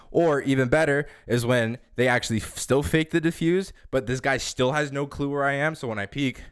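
A man ranting about a video game as a gaming YouTuber, exasperated and profane. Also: medium pitch. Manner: exasperated, profane, acts out teammates in quick asides. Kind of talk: ranting gameplay commentary.

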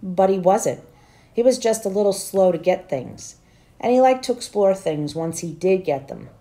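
A woman teacher reading a novel aloud to her students, in steady, plain storytelling. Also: medium pitch, moderate pace.

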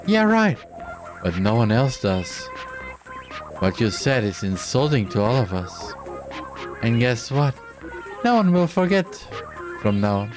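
A man's voice: medium pitch, very animated, measured pace, pauses often, music in the background. A man voicing a sinister, cheerful male TV show host who mocks and commands his guest. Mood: gloating. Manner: gloating and mocking, showman announcements.

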